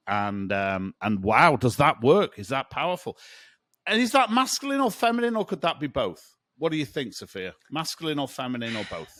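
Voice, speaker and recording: A man hosting a podcast, quizzing his co-host in a playful, expressive way. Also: medium pitch, moderate pace, no echo, clean studio sound. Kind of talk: casual interviewing chat.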